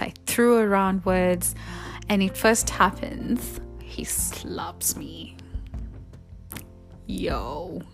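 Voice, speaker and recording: With a medium-pitched voice, a young woman tells a candid personal story conversationally, at times dropping to a soft near-whisper.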